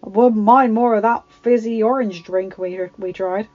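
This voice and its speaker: A woman's voice: mid-range voice, fairly even intonation, normal speed, soft background music, close to an everyday voice. A woman voicing a blunt, protective teenage boy wizard who drawls and grumbles. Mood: grumbling. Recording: slightly dull home recording.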